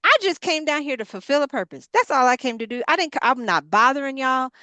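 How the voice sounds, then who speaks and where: A woman voicing Jesus as an exasperated man who is fed up with his critics and protests in quick, indignant bursts. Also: high voice, lively intonation, bright, forceful tone, no room sound, voice pushed up. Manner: indignant, rapid-fire protesting.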